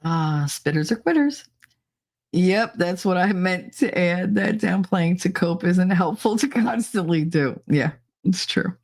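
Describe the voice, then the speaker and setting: A woman's voice: on the low side, animated, measured pace, a little mellow. A middle-aged woman hosting a live podcast stream, chatting casually with viewers, teasing and swearing, often laughing. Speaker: livestream podcast host.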